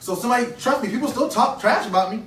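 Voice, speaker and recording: With a very high, fairly bright voice, a man in his thirties speaks fast while giving children an earnest motivational speech at a conference. He repeats key phrases and quizzes them. A distant mic records the echoey hall, picking up faint ambience plus a little hiss or hum.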